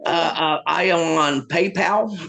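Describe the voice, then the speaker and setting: A man doing a stand-up comedy set, with deadpan one-liners and halting restarts. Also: fairly high pitch, creaky.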